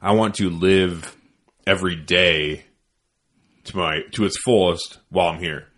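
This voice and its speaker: A man with a very deep voice talks in a loose podcast chat. He is blunt and swears freely, and he pokes fun at himself. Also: unhurried, fairly bright tone. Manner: blunt, profane, self-deprecating. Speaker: podcast host. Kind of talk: casual chat.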